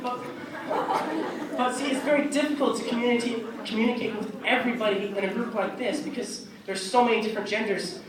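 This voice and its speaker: A teenage boy doing animated stand-up comedy on a stage, slipping into silly voices. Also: very high-pitched, fairly quick, a crowd in the background. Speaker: stand-up performer. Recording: echoey hall from far off, noisy.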